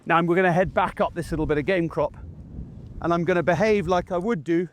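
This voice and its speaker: A man's voice: a little high, a little fast. A man who trains gundogs explains his commands in a chatty way while working his dog outdoors in a field, breaking off to call short commands to the dog. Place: outdoors in a field beside a game crop.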